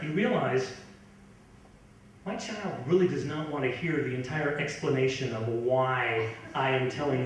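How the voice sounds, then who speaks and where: A middle-aged man doing a stand-up comedy set in a club, ranting and incredulous, sometimes building to a shout. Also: a little high, slight background noise. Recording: echoey club from far off.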